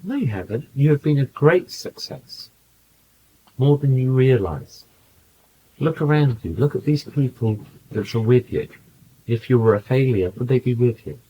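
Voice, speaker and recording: A man in a channeling session, speaking in a calm, patient, coaching way and telling anecdotes to a small group. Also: mid-range voice, normal speed, husky, highs cut off. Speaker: channeler giving spiritual counsel. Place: small room with a group present.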